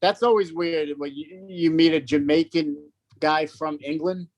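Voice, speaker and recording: A man's voice: on the high side, steady tone, measured pace, darkish tone, no room sound, muffled recording. A man guesting on a podcast, swearing freely and poking fun at himself with frequent laughs. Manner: profane, self-mocking, laughs often. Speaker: guest comedian. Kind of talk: casual chat.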